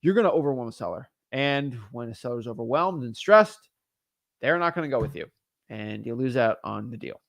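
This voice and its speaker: A young adult man teaching real estate wholesaling in a casual monologue, animated and exasperated, breaking into quick acted-out voices of sellers and attorneys. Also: mid-range voice, creaky, no room sound, clean studio sound.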